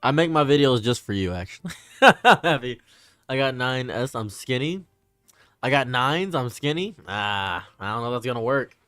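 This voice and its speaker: Young male streamer, lively pitch, dry close sound, faint music behind. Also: moderate pace, clean tone, no echo. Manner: animated, laughs often, rambling. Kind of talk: casual live-stream commentary.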